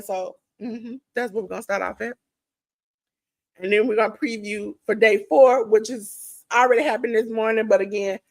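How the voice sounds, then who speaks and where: A woman hosts a relaxed wrestling preview podcast, talking straight to her audience and calling them ladies and gentlemen. Her voice is wearing thin and going hoarse, at an everyday middle pitch. The sound is dry and close, with no room echo. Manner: chatty, addresses listeners directly as ladies and gentlemen. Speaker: podcast host. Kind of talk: casual wrestling preview chat.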